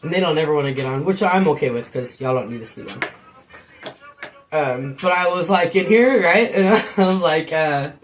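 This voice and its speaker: A woman's voice: deep voice, moderate pace, faint music behind. A woman streamer chatting casually to her viewers, laughing often and swearing freely as she tells stories. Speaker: live streamer. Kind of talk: casual chat on a live stream.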